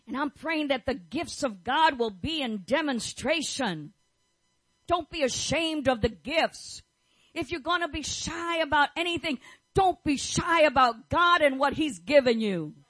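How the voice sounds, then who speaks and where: Middle-aged woman preaching hard, high pitched, declaring and repeating, dry sound. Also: a bit bright, no room sound, poor audio. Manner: fervent, declaring, repeats phrases. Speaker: pastor's wife preaching. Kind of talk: sermon.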